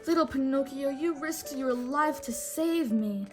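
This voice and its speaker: A woman voicing a gentle, worried old woodcarver father from a storybook, speaking tenderly. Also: high-pitched, unhurried, soft background music.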